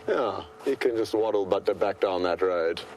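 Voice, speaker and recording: Speaking from a vehicle in the bush, a man gives live commentary as a safari guide, calm, chatty and enthusiastic. His voice sits low at a normal speed, with a slight hiss or hum on the recording.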